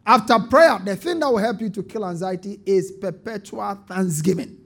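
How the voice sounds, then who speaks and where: A man's voice: high-pitched, normal speed, gravelly. A man preaching a sermon as pastor, calling on the congregation to answer and building to emphatic bursts. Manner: call-and-response preaching with rising emphatic bursts.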